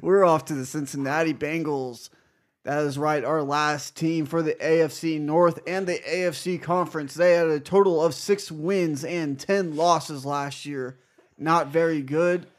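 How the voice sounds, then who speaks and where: A man's voice: on the high side, steady tone, a little slow. A man co-hosting a sports podcast, teasing his friends and moving the show along between segments. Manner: teasing, wraps up segments like a host. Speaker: podcast co-host. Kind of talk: casual sports chat.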